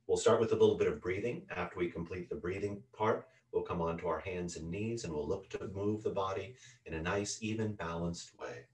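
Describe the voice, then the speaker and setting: A male yoga teacher guiding breathing exercises, calmly counting each breath in and out. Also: low voice. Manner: calm, unhurried counting of breaths. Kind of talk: guided yoga breathing instruction. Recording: roomy sound from a distant mic with a loud ticking metronome. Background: metronome clicking once a second.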